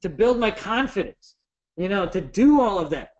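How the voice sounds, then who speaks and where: A man in his thirties giving a casual webinar lesson on trading, animated and jokey, with some swearing. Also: sits high, moderate pace, muffled recording. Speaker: trading instructor.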